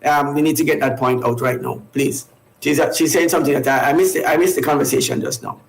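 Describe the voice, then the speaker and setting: A man with a somewhat high voice co-hosts a morning radio show in casual chat. He talks haltingly, stumbling and repeating words. The sound is echoey, like a bare studio. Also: fairly even intonation.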